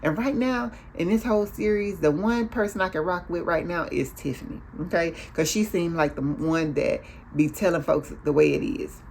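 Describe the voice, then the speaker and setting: A woman's voice: fairly low pitch, moderate pace, gravelly, hardly any pauses, darkish tone, a little hiss or hum. A woman hosting a casual recap of a TV show, chatty, acting out the characters' lines as she goes.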